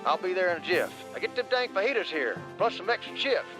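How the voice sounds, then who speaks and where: An actor playing a laid-back, folksy washed-up cowboy pitchman who drawls and keeps saying "man.". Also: very animated, quick pace, over music. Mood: grumbling. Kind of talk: comedic ad acting.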